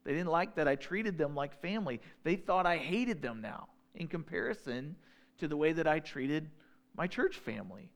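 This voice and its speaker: A man preaching a sermon in a relaxed conversational way, slowing down when he reads scripture. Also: fairly high pitch, vocal fry. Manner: conversational, slows down to read scripture. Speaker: pastor.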